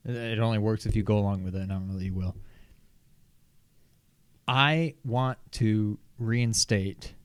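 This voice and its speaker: A man's voice: lowish voice, darkish tone, no echo. A man co-hosting a casual gaming podcast, laid-back and a bit hesitant, stretching out his words. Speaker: podcast co-host.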